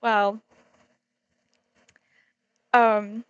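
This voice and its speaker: A young woman vlogger telling a story in a casual, animated way, giggling often and saying "like" a lot. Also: mid-range voice, very slow, smooth, no room sound, muffled recording. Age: young adult.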